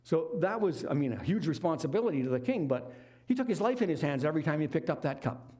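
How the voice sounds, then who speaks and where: A man's voice: a little high, animated, fast talker, warm tone. A middle-aged man preaching a sermon, retelling a Bible story in a conversational, folksy way with casual asides. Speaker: lay preacher.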